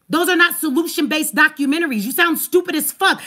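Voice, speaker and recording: A woman hosting a livestream, ranting angrily and profanely at her chat with rapid rhetorical questions. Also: high voice, pushed and bright. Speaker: livestream host. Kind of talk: heated livestream rant.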